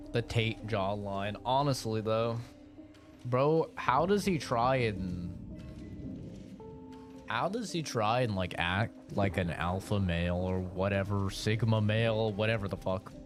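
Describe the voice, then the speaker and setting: A man's voice: lowish voice, takes it slowly, pauses often, music in the background. A man streaming a horror game live, chatting casually and teasing viewers with plenty of swearing. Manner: teasing, profane, rambling.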